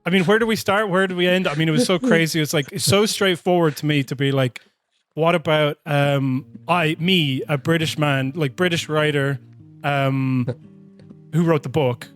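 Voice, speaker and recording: A man's voice: a little high, normal speed, a bit bright, soft background music. A man co-hosting a podcast, talking through a film in a rambling, laughing way with lots of restarts. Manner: rambling, self-interrupting, laughs often. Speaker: podcast co-host. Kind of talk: casual film discussion.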